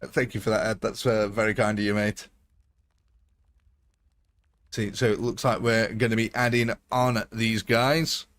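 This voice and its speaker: A man's voice: on the low side, level tone, unhurried, pauses often, fairly bright tone. Chatty man hosting a game stream. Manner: chatty, jokey, laughs often. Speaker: live-stream host. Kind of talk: casual live-stream chat.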